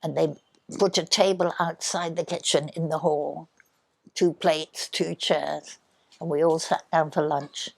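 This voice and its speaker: An older woman telling childhood stories in an interview, speaking softly and sometimes dropping to a near whisper. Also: low-pitched, fairly even intonation, gravelly. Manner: soft, unhurried, drops to a near whisper. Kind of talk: reminiscing storytelling.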